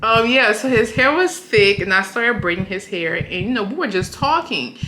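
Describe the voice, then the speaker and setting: Animated, giggly woman telling a story. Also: mid-range voice, normal speed, echoey room, a little hiss or hum, poor audio. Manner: giggly, flustered, repeats "okay?". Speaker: family vlogger. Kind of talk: casual storytelling chat.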